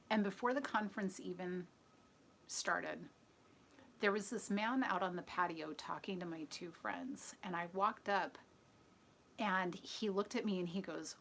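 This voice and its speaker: A woman's voice: medium pitch, vocal fry, a little hiss or hum. A woman hosting a live stream, talking in a casual, opinionated way and answering viewers' comments aloud. She is earnest and chatty and often drops to a near-whisper.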